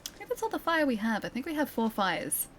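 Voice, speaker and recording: A young woman streams a game and keeps up a casual, chatty commentary, giggling as she thinks aloud. Her voice sits a little high. Faint music plays behind her. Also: very animated, a little fast, fairly bright tone.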